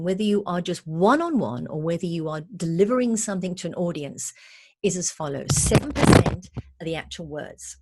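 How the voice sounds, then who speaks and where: Husky-voiced woman giving an emphatic lesson. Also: on the low side, a little mellow. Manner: emphatic, playful teacherly delivery. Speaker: communication trainer. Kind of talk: recorded training lecture.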